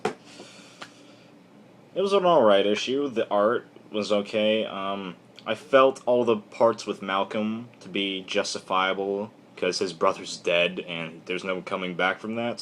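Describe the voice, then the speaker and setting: A man casually recapping a comic book issue on camera in a rambling, irreverent, animated way. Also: deep voice, slight background noise.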